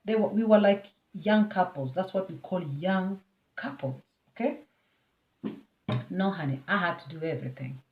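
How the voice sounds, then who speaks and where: A woman's voice: on the low side, expressive, normal speed. A Kenyan woman recounts a personal story for her vlog, chatty and emphatic as she speaks straight to her viewers. The sound is thin and phone-like, and it rings in a roomy, echoing space. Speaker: vlogger.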